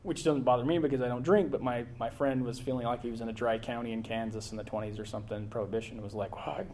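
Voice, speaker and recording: A middle-aged American man narrates his travel slides in a relaxed, wandering way. He stumbles through restarts and fillers as he goes. His voice sits at an ordinary middle pitch. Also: fast talker, a little hiss or hum. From United States. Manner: rambling, with many fillers and restarts. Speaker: presenter giving a slide talk. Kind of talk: casual travel slideshow talk.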